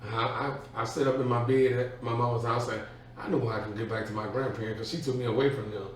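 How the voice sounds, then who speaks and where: A man telling an animated childhood story in a casual podcast chat. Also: mid-range voice, fast talker, a little hiss or hum. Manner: animated, acts out voices in his story. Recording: echoey room, far from the mic.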